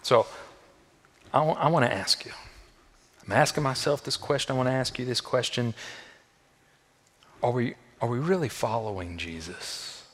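A man preaches a sermon in a church, his voice at an ordinary middle pitch. He leans on repetition and swings between near-hushed phrases and loud, urgent refrains. A long reverb from a big hall trails every line. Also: animated, normal speed, long pauses. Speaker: pastor. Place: church sanctuary. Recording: long echo of a large hall.

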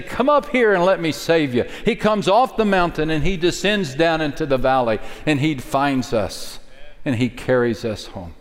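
A man preaching a sermon. He swings from strong, rising declarations down to hushed, near-whispered phrases. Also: on the high side, lively intonation, unhurried. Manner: dynamic preaching, dropping to a hush for key lines. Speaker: pastor. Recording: hall reverb.

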